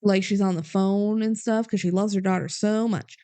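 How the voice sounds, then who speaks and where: A woman's voice: medium pitch, steady tone, normal speed, dark tone. A young adult woman co-hosting a podcast, chattily recapping a movie with lots of "like" and "um". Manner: chatty, fillers like "like" and "um", acts out quotes. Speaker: podcast co-host. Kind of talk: casual movie recap chat.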